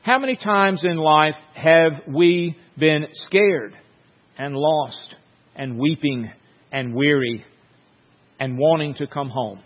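A man preaching a sermon in a slow, measured way, reading scripture and telling a story with long pauses. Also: a little high. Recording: dull sound with long hall reverb.

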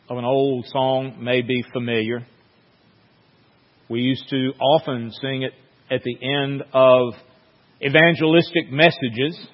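Slow, measured male preacher in echoing hall. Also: mid-range voice. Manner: slow, measured delivery with long pauses. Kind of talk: sermon with scripture reading and story. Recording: dull sound with long hall reverb.

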